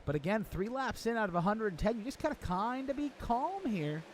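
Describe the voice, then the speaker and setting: High-voiced excitable man calling a race. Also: a little fast, a little hiss or hum. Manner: energetic, chatty, builds hype at the start. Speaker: sim racing commentator. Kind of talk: play-by-play race commentary.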